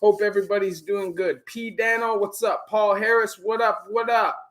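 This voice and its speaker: High-voiced Canadian man chatting on a live stream. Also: steady tone, moderate pace, a bit bright. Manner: laid-back, greets viewers by name, frequent "you know". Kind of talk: casual live-stream chat. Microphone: camera on a stand.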